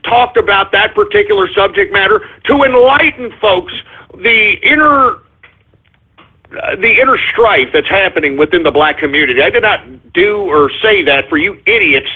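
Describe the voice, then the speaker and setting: Male radio host, loud and mocking, given to profane outbursts, with a husky voice on a tinny phone-quality line. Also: high-pitched, expressive, measured pace. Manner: brash, profane and mocking, with sudden shouts. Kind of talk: live internet radio rant.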